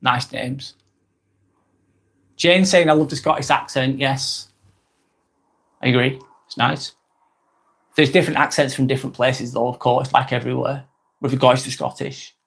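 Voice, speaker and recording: A man's voice: medium pitch, steady tone, normal speed, gravelly, pauses often, a bit bright, slightly rough. An English man hosting a live vlog, reading out chat comments in a casual, rambling way with repeats and fillers. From England. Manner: rambling, repeats himself, frequent ums.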